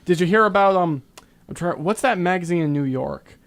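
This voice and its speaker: A man's voice: high voice, fairly quick, creaky. A man co-hosting a casual chat, chiming in with short interjections and telling a story. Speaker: podcast co-host.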